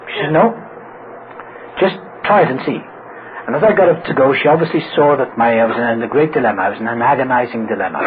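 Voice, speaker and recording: A middle-aged man speaking at a recovery meeting, telling his own story with humor and acting out the voices of people he quotes. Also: mid-range voice. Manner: animated, acts out quoted voices. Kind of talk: humorous personal storytelling talk. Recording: tinny phone-like old recording with hiss.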